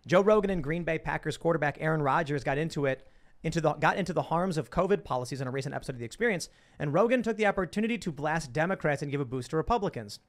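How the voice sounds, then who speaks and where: A man's voice: on the high side, lively intonation, very fast. A man co-hosting casual political commentary, with dry, joking asides.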